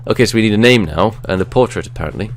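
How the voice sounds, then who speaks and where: A man's voice: fairly low pitch, animated, rapid-fire, a little hiss or hum. A man casually chatting while playing a video game and reading its text aloud. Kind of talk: casual gaming chat.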